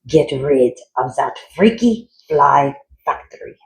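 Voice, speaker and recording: A man voicing a grandiose male mad scientist in a storybook reading, with loud, slow, theatrical exclamations. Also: mid-range voice, expressive, creaky. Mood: bossy. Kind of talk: storybook character voice.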